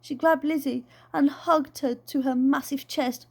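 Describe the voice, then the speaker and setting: A woman reading a children's book aloud in an expressive, lively way. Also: sits high, a little slow, vocal fry, hardly any pauses. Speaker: storyteller.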